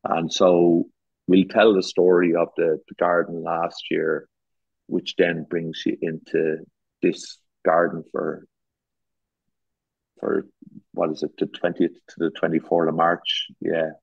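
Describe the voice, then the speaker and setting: Husky-voiced Irish man telling rambling stories. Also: deep voice, completely flat delivery, slow, no room sound. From Ireland. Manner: rambling anecdotes with frequent restarts and self-deprecating jokes. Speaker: garden designer guest. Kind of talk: casual storytelling chat. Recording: dull lo-fi dry recording.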